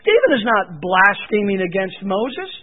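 A man's voice: high-pitched, very animated, unhurried. A man preaching an expository sermon, teaching verse by verse and rising into emphatic, dramatic readings of scripture. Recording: tinny phone-like radio broadcast.

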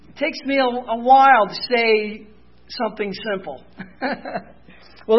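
A man preaching a sermon in a very high voice, pushing hard to shouted, emphatic peaks and then falling back to near-quiet asides. The recording is muffled and lo-fi. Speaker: pastor.

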